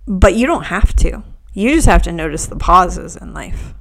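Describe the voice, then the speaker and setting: A woman hosting a reflective spiritual podcast, talking softly and unhurriedly, often dropping to near whispers. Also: lowish voice, expressive, normal speed, gravelly. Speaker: podcast host.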